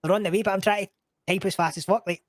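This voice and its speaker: A man's voice: high-pitched, steady tone, rapid-fire, no echo. Scottish guy chatting as a guest, sweary, laughs a lot, dry close sound. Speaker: podcast guest. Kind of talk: casual chat.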